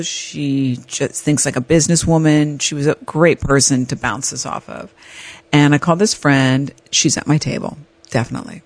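A woman hosting an advice podcast, telling a personal story in a candid, animated way. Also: low voice, moderate pace, dry recording. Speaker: podcast host.

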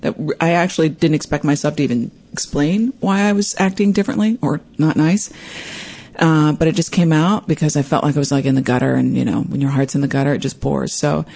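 A woman's voice: low voice, steady tone, a little fast, creaky, warm tone. A woman hosting her own show, telling a personal story in a candid, self-deprecating and rambling way. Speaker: podcast host.

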